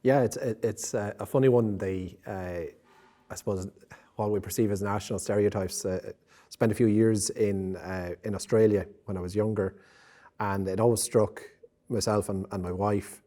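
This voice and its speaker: An Irish man hosting an interview, speaking hesitantly with many pauses and fillers. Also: on the low side, fairly even intonation, mellow. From Ireland. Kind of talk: conversational interview.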